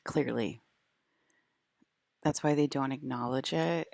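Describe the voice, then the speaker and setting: Low, gravelly woman rambling to camera. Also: slow pace, a little mellow, dry recording, clean studio sound. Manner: rambling, filler-heavy, lots of "like". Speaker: vlogger. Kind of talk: casual rambling monologue.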